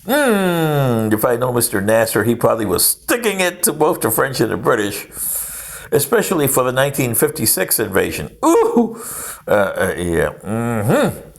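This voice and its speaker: A man's voice: mid-range voice, sing-song, normal speed, creaky. A man, older, giving a rambling history monologue with sarcastic, mocking asides.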